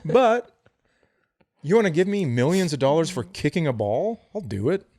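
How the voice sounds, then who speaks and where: A man's voice: a little high, big pitch swings, moderate pace, a little mellow, dry recording. A man co-hosting a casual podcast, ranting comically and swearing freely. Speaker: podcast co-host. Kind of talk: casual chat.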